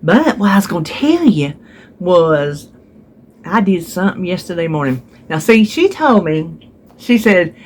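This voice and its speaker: Woman vlogger, chatty, animated storyteller, phone recording at home, faint background hiss. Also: fairly low pitch, unhurried. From North Carolina. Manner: chatty, animated retelling with voiced quotes. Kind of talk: casual storytelling to viewers.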